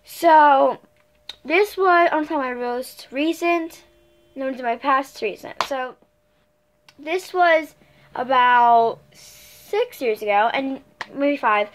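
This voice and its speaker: A woman's voice: high-pitched, slow. A girl in her early teens chatting casually through a storytime vlog, rambling along with many fillers and self-corrections. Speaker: vlogger.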